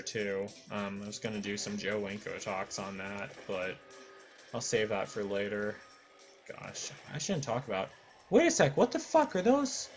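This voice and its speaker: Rambling, profane young man. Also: lowish voice. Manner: rambling and profane, with many fillers and self-corrections. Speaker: gaming video creator. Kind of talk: casual storytelling over gameplay.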